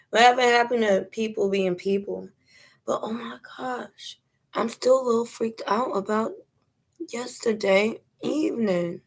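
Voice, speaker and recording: Slow-talking New York woman on a livestream. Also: on the high side. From New York City. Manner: unhurried, drawn-out talk with frequent laughter and slang. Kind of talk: casual live stream chat.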